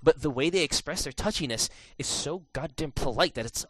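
A man hosting a podcast, telling an animated story in casual chat, with many restarts and fillers. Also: fairly high pitch, a little fast, dry recording. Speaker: podcast host.

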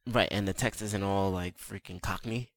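A man with a very deep voice co-hosting a casual podcast about games. He talks in a laid-back way and swears casually. The recording is dry and close. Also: fairly even intonation, normal speed, dry recording. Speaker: podcast co-host.

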